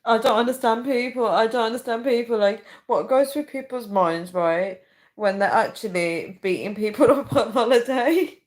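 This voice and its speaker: A woman's voice: on the high side, normal speed. A woman hosting a casual live chat, laughing helplessly and out of breath as she talks. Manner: laughing helplessly, squealing through words. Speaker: live-stream host reading viewer comments.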